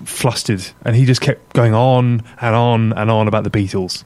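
A man's voice: on the low side, fairly even intonation, moderate pace, a little mellow, dry recording. A man from England co-hosting a casual radio chat show, responding wryly and chuckling along as he shares his own stories. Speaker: co-host. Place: radio studio.

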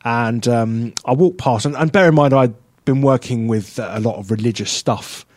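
A man's voice: medium pitch, moderate pace. A man co-hosting a radio show, telling a story in a chatty way and laughing often as he talks. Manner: animated storyteller, laughs often, puts on voices in anecdotes. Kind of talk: casual radio chat. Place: radio studio.

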